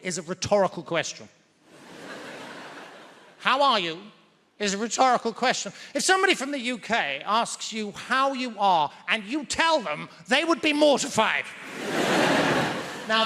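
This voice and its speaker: A man's voice: sits high, pushed and bright. A male stand-up comedian performing on a theatre stage, wry and mock-pompous with precise wording. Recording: theatre reverb, faint noise.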